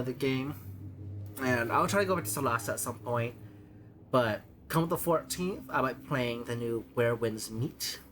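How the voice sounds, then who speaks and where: A man's voice: medium pitch, a bit bright, a little hiss or hum. Casual male streamer, rambling and stumbling over words. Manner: rambling, halting with repeated words. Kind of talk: casual gaming stream chat.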